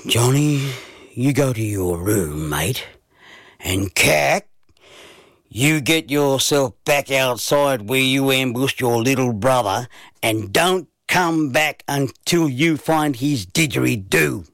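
A man voicing a stern father, speaking slowly and firmly. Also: mid-range voice, expressive, fairly bright tone, dry recording, clean studio sound. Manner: stern and slow. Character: stern, deep-voiced Aussie dad.

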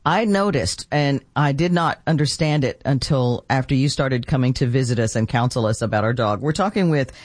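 A man hosting an interview, chatty and quick to laugh, telling a story about his own dog. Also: mid-range voice, dry recording, studio quality. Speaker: host. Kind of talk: casual interview.

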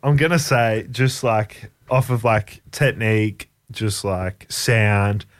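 A man's voice: fairly low pitch, steady tone, slow pace. A man on a radio show, talking casually and hesitantly with many fillers. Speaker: radio co-host.

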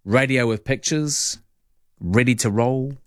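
A man's voice: medium pitch, takes it slowly, dry recording, clean studio sound. A man hosting an overnight talkback radio show, chatty and wry as he reads listener messages. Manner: chatty, wry and rambling, reads lyrics aloud. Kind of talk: casual late-night talkback, reading listener messages. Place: radio studio. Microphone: studio microphone.

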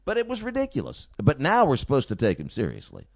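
A male radio host rants through an opinionated monologue, sarcastic and mocking. His pitch swings widely as he jabs at his targets. The studio sound is close and dry. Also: wildly swooping pitch, quick pace, creaky, dry recording. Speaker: radio talk show host. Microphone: studio mic.

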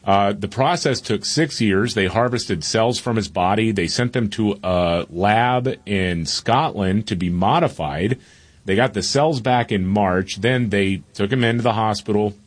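A man co-hosts a talk radio show and reads out news stories at an easy pace. His voice sits low and a bit husky. He fills pauses with "uh"s. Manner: relaxed, fills with "uh".

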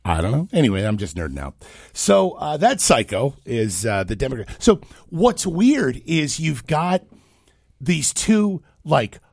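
Raspy guy ranting about politics on his show, pitch all over the place, dry close sound. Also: unhurried, dry recording. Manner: animated, opinionated, mocking. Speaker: talk show host. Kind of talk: political commentary.

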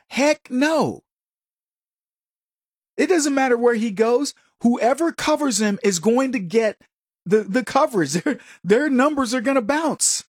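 A man's voice: extremely high pitch, no echo, clean studio sound. A man hosting a political opinion show, talking in a combative, sarcastic monologue and mocking his opponents. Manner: combative, sarcastic, mocks opponents in put-on voices. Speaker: political commentary show host.

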